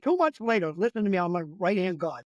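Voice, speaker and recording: A man's voice: sits high, big pitch swings, fast talker, no room sound, rough recording. An older man, a comedian, telling a rambling, profane story in casual conversation. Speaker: comedian guest.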